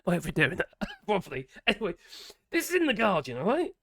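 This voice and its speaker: A British man with a raspy voice giving casual, sarcastic commentary, exasperated and swearing freely. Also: high voice, huge pitch swings, quick pace, fairly bright tone, dry recording, clean studio sound. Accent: British English. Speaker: political commentator.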